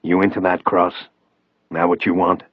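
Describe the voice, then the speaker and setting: A man's voice: sits low, level tone, normal speed, no room sound, lo-fi sound. Man doing a bullying, menacing federal agent. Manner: taunting, threatening.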